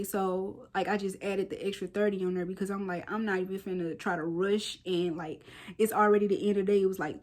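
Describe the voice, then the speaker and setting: Woman in her 30s doing a chill daily vlog, chatty storyteller, slangy, drops into little whispered asides, mid pitch. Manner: chatty and animated, with slangy asides and playful soft whispered quips. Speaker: lifestyle vlogger.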